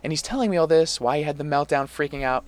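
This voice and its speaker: A young man co-hosting a podcast, casually telling an animated story full of swearing. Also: on the high side, fast, faint music behind. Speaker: podcast co-host. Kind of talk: casual chat.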